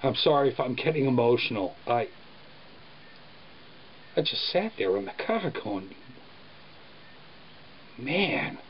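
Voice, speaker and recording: A man's voice: medium pitch, very animated. Earnest man with a dull lo-fi sound. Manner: earnest, halting delivery. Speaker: father telling a story about his son. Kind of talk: casual vlog storytelling. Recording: dull lo-fi sound with faint background noise.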